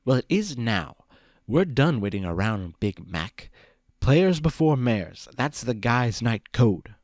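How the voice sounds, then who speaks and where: A man's voice: medium pitch, very animated, darkish tone, no room sound, studio quality. Discord, a smug chaos spirit, man voicing. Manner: smug, teasing, drawn-out lines. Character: mischievous male chaos spirit, smug and pushy.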